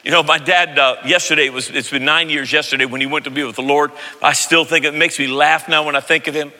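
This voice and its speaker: A man in his fifties preaching a sermon as pastor, telling stories with animated, loud impressions of family voices. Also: a little high, fast talker. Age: 50s. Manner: animated storytelling, mimics voices loudly. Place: large church sanctuary. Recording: long hall reverb.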